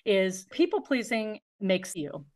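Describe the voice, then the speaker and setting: A woman's voice: medium pitch, big pitch swings, slow, background noise. A woman physician being interviewed, speaking in a direct, matter-of-fact way. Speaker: physician guest. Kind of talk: interview answers.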